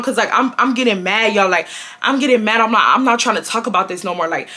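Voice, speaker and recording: A woman, telling a storytime vlog in a casual, animated way and acting out the quotes. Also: a little high, quick pace. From Houston, Texas. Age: 20s. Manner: animated, acts out quotes, swears freely. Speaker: storytime vlogger.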